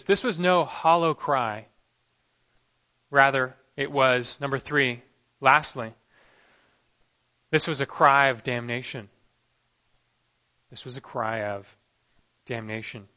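A male pastor delivers an expository sermon in an earnest, emphatic way, letting his phrases fall soft at the ends. His voice is bright and forceful and sits a little high. The recording is dull and lo-fi.

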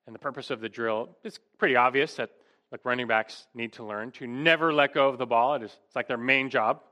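Medium in pitch, the man's voice sounds pushed and bright as he gives an expository sermon. He speaks emphatically, leans on rhetorical questions, and rises to stress the important words.

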